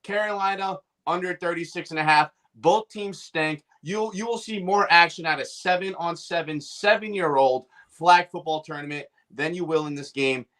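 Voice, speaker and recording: A man's voice: a little high, moderate pace, few pauses, fairly bright tone. Cocky, punchy football-betting man. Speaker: podcast host giving bets. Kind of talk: brash sports betting rant.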